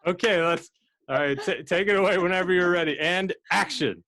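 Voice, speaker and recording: A man hosting a live game show over a video call, talking in a relaxed, chatty way with plenty of fillers. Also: high voice, fast talker.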